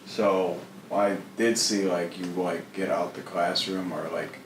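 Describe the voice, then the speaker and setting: Low-voiced young man, off-mic and echoey. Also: steady tone, slow. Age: young adult. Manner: dry joking asides. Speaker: podcast co-host. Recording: distant echoey mic with faint noise.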